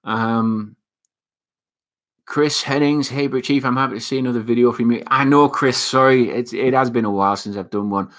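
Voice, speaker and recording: A man's voice: medium pitch, steady tone, moderate pace. A man from Britain hosting a live stream, casually reading out viewer comments, laughing and swearing now and then. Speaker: livestream host reading chat.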